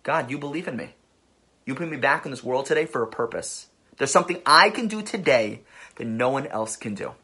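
A man's voice: mid-range voice, lively intonation, a little fast, sharp tone, husky. A man speaking as a rabbi, telling an inspirational story in an emphatic way that builds to passionate peaks.

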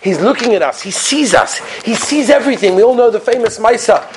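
A man with a high voice delivers a storytelling sermon to his listeners. He is animated, leaning on rhetorical questions and now and then dropping to a hushed whisper for emphasis. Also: fairly quick, noisy background. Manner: asks the audience rhetorical questions. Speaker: rabbi giving a weekly Torah talk.

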